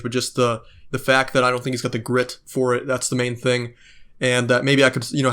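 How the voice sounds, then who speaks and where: A man's voice: mid-range voice, fairly bright tone. Brief: male vlogger, mid-range voice, rambling and heated, curses freely. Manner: ranting, profane, many fillers. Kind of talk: casual monologue.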